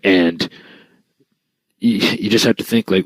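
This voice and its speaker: A man with a low, husky voice co-hosting a podcast. He talks in an easygoing way, leaning on "you know" often. The recording is dry and close. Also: steady tone, slow pace, dry recording, poor audio. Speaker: podcast co-host. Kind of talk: casual wrestling talk.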